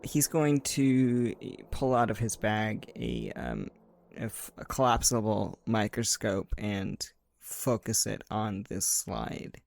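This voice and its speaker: A man's voice: lowish voice, expressive, slow pace, creaky, darkish tone. A man playing a tabletop game, casually describing his character's actions with lots of "like".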